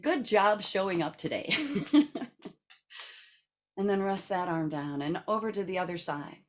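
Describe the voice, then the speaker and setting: A woman's voice: fairly low pitch, expressive, a little slow. A woman leading a seated laughter and breathing exercise over a video call, coaxing and playful, laughing often. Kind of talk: guided group exercise.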